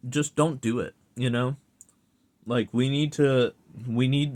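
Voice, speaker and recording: A man's voice: medium pitch, fairly even intonation, slow pace, darkish tone. A young man giving a casual, profane rant to his audience, exasperated and sarcastic. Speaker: vlogger ranting.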